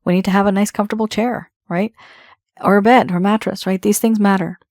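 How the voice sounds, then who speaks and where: A woman's voice: medium pitch, steady tone, quick pace, a little mellow, dry recording, studio quality. A woman giving a tarot reading, talking straight to the viewer in a conversational, reassuring way. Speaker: tarot reader.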